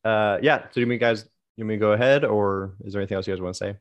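A man with a fairly low voice works through a list at an easy pace on a casual podcast. His delivery is steady and matter-of-fact, with small asides. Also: rapid-fire. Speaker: podcast co-host reading a list. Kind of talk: casual chat.

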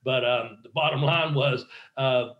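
A man's voice: medium pitch, measured pace, reverberant, muffled recording. A man, a former pro wrestler, telling rambling, profane anecdotes in a casual interview and acting out quotes.

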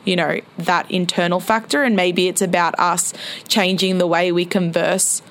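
A woman's voice: on the low side, fairly even intonation, normal speed, a bit bright. A woman hosting a casual podcast conversation, reflective and asking open questions. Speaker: podcast host.

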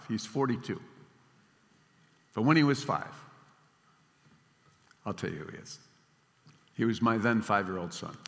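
An older man preaching a sermon in a storytelling manner, swinging between emphatic lines and hushed ones. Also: fairly low pitch. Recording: long hall reverb.

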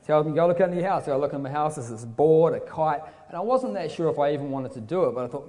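Fast and animated with few pauses, a young man from New Zealand preaches in a warm, somewhat high voice and a New Zealand accent. He leans on casual stories and joking asides, and the sound has a long hall reverb.

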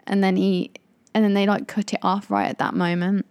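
A woman chatting casually with a friend, quick to laugh and slip into impressions. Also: mid-range voice, level tone, gravelly, a little mellow, smooth, no room sound. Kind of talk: casual chat.

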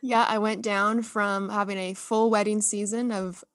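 A woman's voice: mid-range voice, little pitch movement, moderate pace, no echo, clean studio sound. A woman in her thirties co-hosting a podcast, chatting casually and laughing at herself as she teases her friend. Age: 30s. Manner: giggly, teasing, self-mocking. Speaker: podcast co-host. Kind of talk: casual chat.

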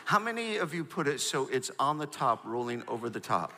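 A middle-aged man preaching a sermon, animated and storytelling, prompting the congregation. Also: medium pitch, fairly quick, in a large hall, background noise. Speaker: pastor.

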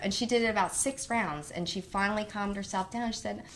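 A woman who teaches kindergarten, telling stories in a casual conversation and talking with animated swings in pitch. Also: a little hiss or hum. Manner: animated storyteller, quick rises in pitch.

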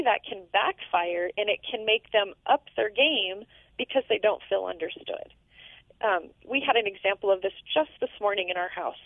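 A woman's voice: medium pitch, dry recording. A middle-aged mother telling a parenting story in an earnest, storytelling way. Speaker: parenting guest. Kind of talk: casual chat. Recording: tinny phone line.

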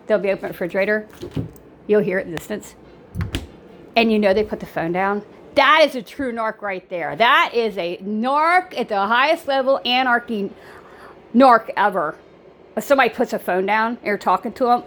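A woman's voice: mid-range voice, normal speed, slight background noise, rough recording. A woman giving blunt life advice in a rambling casual monologue, repeating herself and using lots of fillers.

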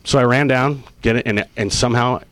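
A man in his forties, an actor being interviewed, telling stories casually and acting out quoted lines with big jumps in pitch. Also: steady tone, a little fast, a bit bright, dry recording. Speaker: actor guest.

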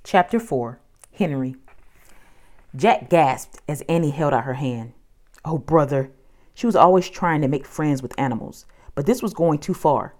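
A woman narrating a children's audiobook with an expressive storytelling delivery. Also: deep voice, a little slow.

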